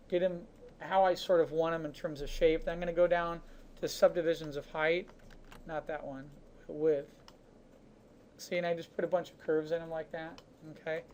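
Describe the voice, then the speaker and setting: A man teaching a 3D modeling class, talking casually through each step of a software demonstration with chatty asides. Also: on the high side, a little hiss or hum. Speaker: 3D modeling instructor. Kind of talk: live software demonstration lesson.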